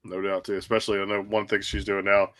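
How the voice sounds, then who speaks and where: A man in his thirties from Texas, hosting a casual interview, with rambling, easygoing questions and frequent throat clearing. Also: fairly low pitch, little pitch movement, fast, fairly bright tone. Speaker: host.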